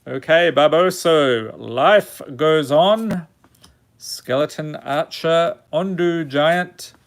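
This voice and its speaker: A man hosts a relaxed live stream, reading names aloud one after another at an unhurried pace. His voice sits slightly higher than most men's. He keeps a chatty, joking tone with the people watching. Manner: reads item names one by one, jokes with viewers. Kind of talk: casual live-stream chat while opening card packs.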